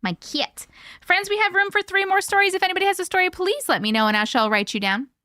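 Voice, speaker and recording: Talking fast in a very high-pitched, bright and forceful voice, a woman in her early thirties from Colorado hosts a casual livestream. Though sleepy and yawning, she stays chatty and giggly, reading comments aloud, and the studio audio is clean with no room sound.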